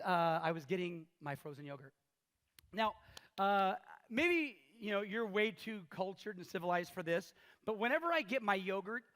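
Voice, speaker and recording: Preaching as pastor in a large church hall, a man in his fifties tells animated stories and performs the voices of the people in them. He has a high voice, captured live with long reverb from the hall.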